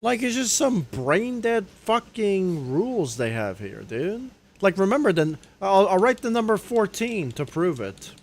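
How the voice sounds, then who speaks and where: A man's voice: big pitch swings, measured pace, hardly any pauses. Angry young man ranting on a livestream. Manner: angry, profane ranting, trailing off low on "dude". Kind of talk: live stream rant. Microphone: desk microphone.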